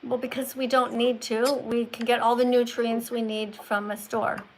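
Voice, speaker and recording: Teacherly woman coaching slow, stressed reading. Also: fairly high pitch, level tone, slight background noise, poor audio. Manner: teacherly, slows down to stress words. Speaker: livestream host. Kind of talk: casual livestream chat, coaching a caller.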